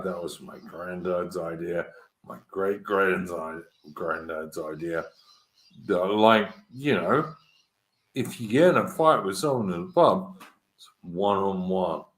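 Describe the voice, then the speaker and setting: Blunt, low-voiced man in an echoey room. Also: slow. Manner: blunt, swearing, matey. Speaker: host. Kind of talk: casual chat.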